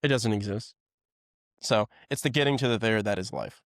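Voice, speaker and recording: A man co-hosting a podcast in casual chat, telling stories with lively acted-out quotes. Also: lowish voice, normal speed, no echo, studio quality. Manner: animated storyteller, acts out quoted voices. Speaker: podcast co-host.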